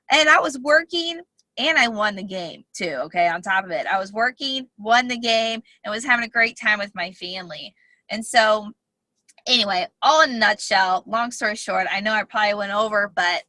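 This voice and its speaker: A woman's voice: mid-range voice, lively intonation, normal speed, pushed and bright, no echo, poor audio. A woman speaking as a health coach, giving a heartfelt, rambling personal testimonial from inside a parked car. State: emotional.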